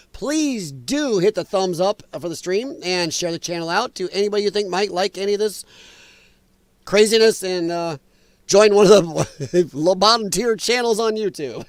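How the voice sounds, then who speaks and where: A man hosting a livestream, talking casually to his viewers in an animated way and laughing often. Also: high voice, no echo. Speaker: livestream host.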